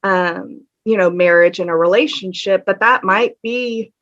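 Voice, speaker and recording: A woman's voice: medium pitch, a little slow, a bit bright. A woman, telling her story as a podcast guest in a candid, earnest way, with many ums. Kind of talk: casual interview storytelling. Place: home room with a fan on. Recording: dull lo-fi audio.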